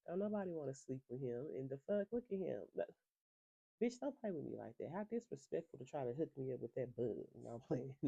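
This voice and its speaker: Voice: mid-range voice, creaky, dark tone, dry recording, muffled recording. A reality TV recapper in a casual, gossipy talk, profane and sassy and laughing often.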